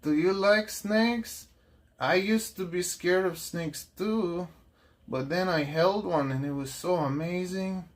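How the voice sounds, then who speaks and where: A man putting on a Spanish accent to play a welcoming host who talks slowly in a sing-song way. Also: high voice, voice pushed up. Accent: put-on Spanish.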